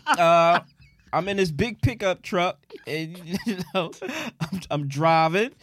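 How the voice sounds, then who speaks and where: A man's voice: high voice, takes it slowly, a bit bright. A man co-hosting a podcast, telling loose, profane, laughing stories in casual chat. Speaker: podcast co-host.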